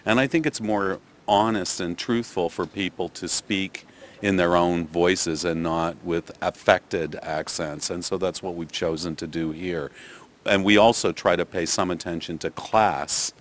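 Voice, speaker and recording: A man's voice: deep voice, steady tone, a little slow, slight background noise. An older man with a Canadian accent, a theatre director answering interview questions thoughtfully, with many restarts and fillers. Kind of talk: press interview.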